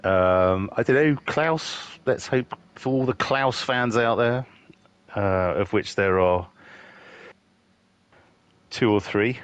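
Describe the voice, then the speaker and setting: A man doing casual live race commentary, chatty, jovial and quick to laugh. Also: fairly low pitch, clear, resonant tone, no echo, dull audio.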